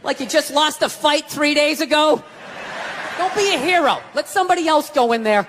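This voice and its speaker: A middle-aged man from the US East Coast doing stand-up comedy, ranting and swearing, sometimes shouting. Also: very high-pitched, moderate pace. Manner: ranting, profane, shouting at times. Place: large live comedy venue. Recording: live venue with long reverb and loud crowd. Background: audience laughter and crowd noise.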